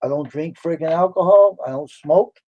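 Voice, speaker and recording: A man's voice: a little high, moderate pace, background noise. A man hosting a live stream, telling stories in casual chat in a blunt, boastful way. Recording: dull lo-fi stream audio.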